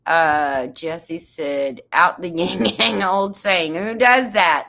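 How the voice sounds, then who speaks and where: A woman's voice: on the low side, takes it slowly, vocal fry, few pauses, fairly bright tone. A woman hosting a casual livestream, reading viewer comments aloud, chatty and laughing often. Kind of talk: casual chat.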